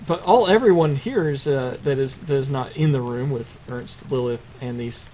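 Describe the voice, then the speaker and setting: A man's voice: mid-range voice, moderate pace, mellow, slight background noise. Hesitant man narrating as game master. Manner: hesitant, filler-heavy narration.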